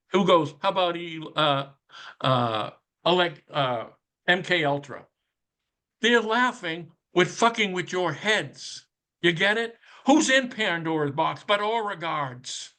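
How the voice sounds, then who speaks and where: A man with a high-pitched, sharp-edged voice holds forth in a casual podcast rant. He swears freely and throws out one rhetorical question after another, sardonic and conspiratorial. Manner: profane, rapid-fire rhetorical questions. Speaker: podcast commentator. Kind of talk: casual ranting commentary.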